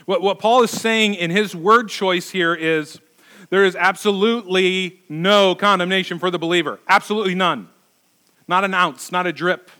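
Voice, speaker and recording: A man's voice: high voice, moderate pace, bright, forceful tone. A middle-aged male pastor preaching a sermon, emphatic and repeating words for stress.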